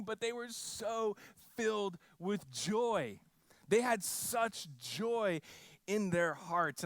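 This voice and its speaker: A man preaching a sermon, telling a mission story with frequent restarts and lively quoted voices. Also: high-pitched, smooth, no echo. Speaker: pastor.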